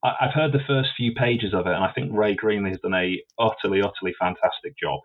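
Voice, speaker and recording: A man's voice: on the low side, fast. A man guesting as an author in a casual interview, thinking aloud and stumbling over repeated words. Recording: tinny phone-like line.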